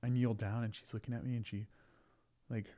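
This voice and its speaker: A man's voice: mid-range voice, flat delivery, brisk, warm tone. A man speaking as a guest in a casual conversation, easygoing and thoughtful. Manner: thoughtful, easygoing, loose storyteller. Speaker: podcast guest.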